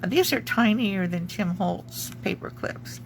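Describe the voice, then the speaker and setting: A woman with a gravelly, mid-range voice walks through her junk journal crafts at a measured pace in a casual show-and-tell. Hiccuping, she rambles and reaches for words with lots of ums, and there's a slight hiss or hum.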